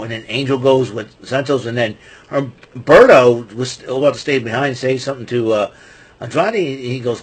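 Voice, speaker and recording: A man giving a rambling, casual wrestling recap, chuckling often and filling pauses with ums and restarts. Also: medium pitch, slightly rough.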